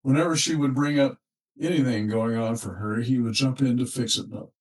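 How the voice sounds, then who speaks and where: A male relationship counselor delivers a reflective monologue at an unhurried, measured pace, pausing thoughtfully between phrases. His voice sits in an ordinary middle pitch. The microphone is set some distance away, so he sounds slightly removed. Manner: slow, measured, with thoughtful pauses.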